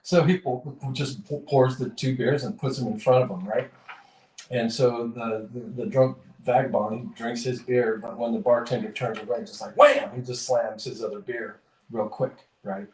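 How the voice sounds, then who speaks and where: Brief: podcast host, rambling and self-correcting, echoey room, mic far off. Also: male voice, mid-range voice, steady tone, normal speed, a little mellow. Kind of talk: casual chat and joke telling. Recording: roomy, distant mic.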